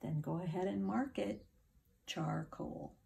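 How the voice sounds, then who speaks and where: Middle-aged woman teacher, low gravelly voice, slow and patient phonics delivery for kids. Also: warm tone. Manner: patient, encouraging, spells words out letter by letter. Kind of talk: phonics lesson for children.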